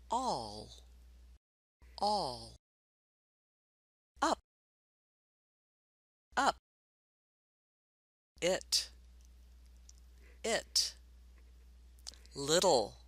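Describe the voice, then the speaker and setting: A woman teaching a basic reading lesson for adults, patient and encouraging, speaking slowly and clearly. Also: low voice, sing-song, a bit bright, dry recording.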